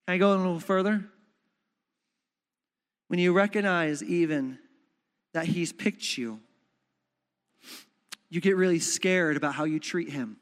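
A man preaching a sermon as pastor, impassioned, swinging between hushed tones and shouting. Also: sits high, normal speed, pauses often. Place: church stage. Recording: music under, reverberant hall.

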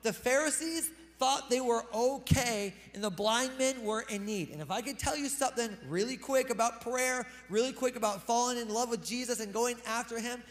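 A male pastor with a very high voice delivers a lively sermon. He punches key lines loudly and then drops into fast, quieter asides. The sound rings with the long reverb of a church hall. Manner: animated, swings between loud emphasis and quick asides.

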